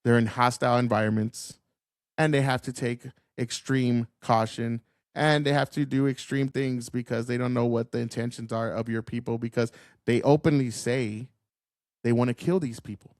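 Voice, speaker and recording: A man's voice: medium pitch, fairly even intonation, moderate pace, darkish tone, no echo, studio quality. A man hosting a political commentary stream, ranting in an angry, profane, combative way.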